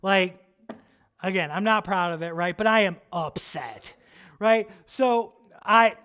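A man preaching, telling a personal story in an animated, chatty way, with lots of "like" and "right?". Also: high-pitched, slow pace. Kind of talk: storytelling sermon.

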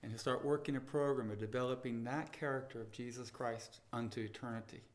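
A man preaching a sermon, telling stories and swinging between loud proclaiming and hushed pleading. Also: mid-range voice, steady tone, brisk. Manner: storytelling with quoted dialogue.

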